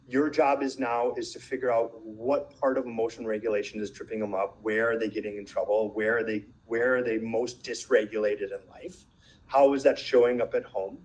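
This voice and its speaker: A man in his thirties leads a webinar for parents in a relaxed, conversational way. He tells animated stories, acts out quotes and often restarts his sentences mid-thought. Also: mid-range voice, low-quality recording. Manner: animated storytelling with acted quotes and many restarts. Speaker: webinar presenter and coach.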